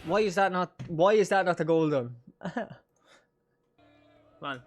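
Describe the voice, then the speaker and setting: A rambling, chatty man with a rural Monaghan Irish accent, talking as he plays through a stream. His voice sits a little on the high side, and he swears freely between bursts of laughter. Faint game music runs underneath. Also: slow pace. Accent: Irish, County Monaghan. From Ireland. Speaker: gaming streamer. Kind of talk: casual chat while playing a game.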